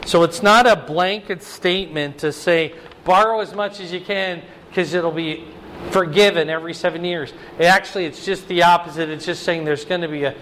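A man's voice: fairly high pitch, fairly bright tone, a little hiss or hum. A man teaching verse by verse from scripture as a pastor, reading passages aloud and explaining them, often checking in with his listeners. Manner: conversational, checks in with "okay?".

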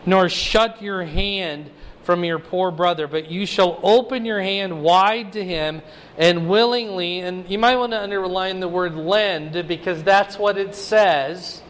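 A man's voice: sits high, measured pace, fairly bright tone. A man teaching verse by verse from scripture as a pastor, reading passages aloud and explaining them, often checking in with his listeners. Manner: conversational, checks in with "okay?".

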